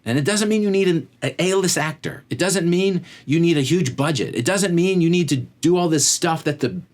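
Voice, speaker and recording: A man's voice: on the high side, lively intonation, normal speed, a little mellow. A man hosting a faith-based motivational talk, conversational and rambling, often drifting off on tangents. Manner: conversational, fills with "like". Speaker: podcast host.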